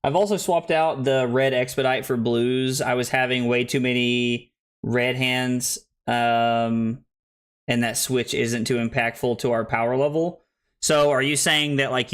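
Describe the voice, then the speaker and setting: A man's voice: mid-range voice, little pitch movement, unhurried, fairly bright tone, clean tone. A young American man casually commenting on his card game stream, thinking aloud with many restarts. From United States.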